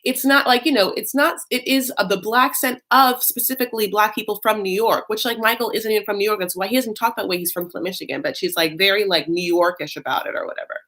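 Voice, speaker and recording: A woman's voice: medium pitch, fast talker, hardly any pauses, fairly bright tone. A woman giving a sassy, gossipy recap of a reality TV episode, full of "like" and "honey". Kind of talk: casual recap commentary.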